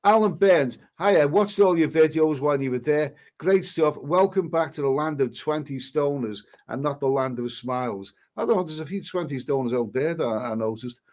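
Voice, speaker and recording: A man with a somewhat higher-pitched voice, chatting casually on a live stream. He reads viewers' comments aloud and answers them in a halting, easygoing way, often restarting his sentences. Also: a little mellow. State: coughing now and then. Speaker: travel vlogger reading viewer comments.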